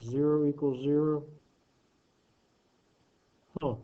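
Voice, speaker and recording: A man's voice: on the high side, level tone, slow pace, muffled recording. A man teaching math, working problems aloud with joking asides and self-corrections. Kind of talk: worksheet walkthrough lesson.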